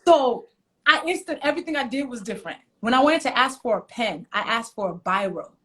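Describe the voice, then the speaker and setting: This guest, a woman from Nigeria, has a fairly high, bright, forceful, and expressive voice, and speaks a little quickly. Over a live video call she recounts personal experiences in casual conversation, theatrically replaying what she said back then.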